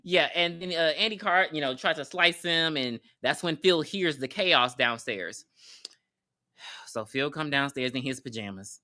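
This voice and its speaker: Recapping a horror film on a podcast, this co-host keeps things casual, profane, and full of slang, acting out lines and laughing often. The delivery is animated but unhurried, in a medium pitch.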